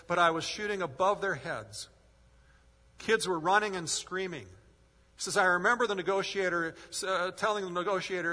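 A man's voice: a little high, sharp tone. A male pastor preaching a sermon, earnest and rising in force as he retells a story. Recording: long hall reverb.

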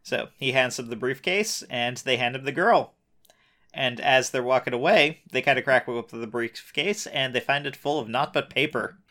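A young man telling a story in a relaxed way, dropping frequent uhs and wry teasing asides. His pitch sits in an ordinary middle range for a man. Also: moderate pace. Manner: lots of uh fillers, wry teasing. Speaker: podcast co-host. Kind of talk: casual recap chat.

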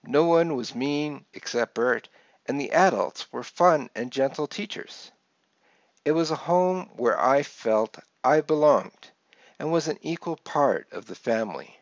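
Slow, gravelly man reading his memoir. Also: mid-range voice, no echo. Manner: gentle storytelling, lively voices for quoted people. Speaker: author reading his book. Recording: dull lo-fi dry recording.

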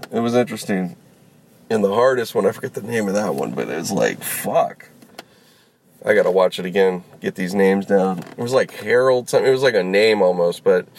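A man rambling casually while vlogging from inside his car as a rideshare driver, full of fillers, restarts and swearing. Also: on the low side. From Los Angeles.

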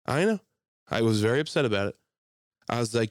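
A young man co-hosting a podcast, telling a heated story in casual chat, animated and full of swearing. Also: mid-range voice, fairly quick, no echo, studio quality. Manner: animated, profane ranting. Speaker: podcast co-host.

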